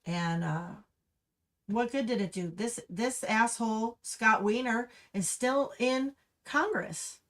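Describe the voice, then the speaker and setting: A woman hosting a livestream gives angry, impassioned commentary that runs restless and ranting. Her voice sits a touch higher than most. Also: takes it slowly. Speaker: livestream host. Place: Humboldt County, California.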